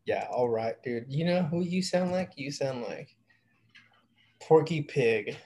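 A man's voice: medium pitch, expressive, slow pace, mellow, breathy edge. A man co-hosting a casual podcast, rambling in a laid-back, slangy way. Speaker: podcast co-host. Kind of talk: casual chat.

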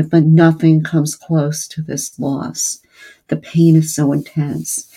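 A woman podcast co-host, a family therapist, reading a listener's letter aloud in a slow, gentle and earnest way, then chatting with her co-host. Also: low voice, breathy edge.

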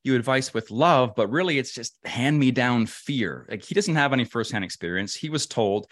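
A man's voice: medium pitch, animated, normal speed, a bit bright, no room sound, studio quality. A man being interviewed about travel and facing fear, speaking emphatically and often repeating words as he works through a thought. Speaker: travel adventurer and guest. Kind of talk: casual interview talk.

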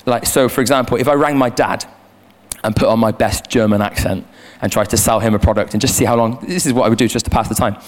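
A young man preaching in a church, earnest and conversational, his words often stumbling into restarts. He speaks into a handheld mic at a middling pitch. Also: fairly even intonation, fast talker. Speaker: youth leader and preacher. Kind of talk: sermon. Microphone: handheld microphone.

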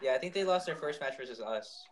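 A man's voice: mid-range voice, animated, quick pace, rough recording. A man who plays the game, chatting casually, laid-back and filler-heavy. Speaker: player guest. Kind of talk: casual gaming chat.

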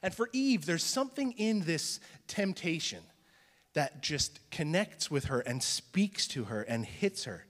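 A male pastor preaching a sermon in a conversational teaching style, dropping to a hushed voice for emphasis. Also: a little high, lively intonation, unhurried, big-room sound.

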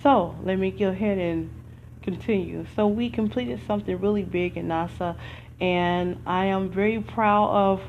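A woman from the United States talks through her thoughts as a podcast host, earnest and rambling, circling back and restarting her sentences. Her voice sits at an ordinary middle pitch. The recording is a little dull and muffled, with a faint hiss underneath. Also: gravelly. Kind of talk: casual spoken commentary.

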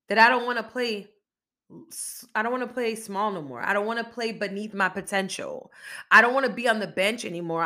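A woman's voice: mid-range voice, pushed and bright. A woman hosting a motivational podcast, talking casually but emphatically with a repetitive, preaching cadence and faith-infused encouragement. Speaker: podcast host.

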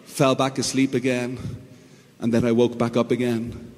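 A man preaching a sermon as pastor, telling stories in an animated way with sound effects and imitations. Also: mid-range voice, moderate pace, big-room sound, faint music behind.

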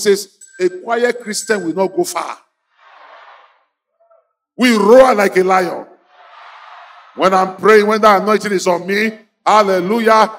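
High-voiced shouting preacher. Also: male voice. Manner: exhorting, repetitive, bursts into shouts. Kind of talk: fiery sermon with call-and-response.

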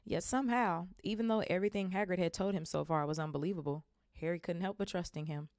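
A woman's voice: lowish voice, fast, darkish tone, no echo, studio quality. A woman hosting a podcast, reading a novel aloud with casual, amused asides. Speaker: podcast host.

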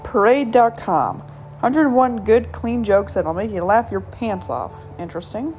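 A woman's voice: medium pitch, animated, a little slow, a little mellow, soft background music. Giggly woman reading jokes aloud. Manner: giggly, stumbles over punchlines, self-commenting. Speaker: podcast host. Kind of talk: casual solo podcast, reading jokes aloud.

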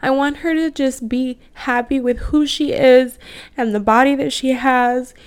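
A woman's voice: high-pitched, fairly even intonation, a little slow, clear, resonant tone. A woman in her thirties, a podcast host, talking candidly and from the heart in a personal monologue, full of fillers. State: voice cracking with emotion.

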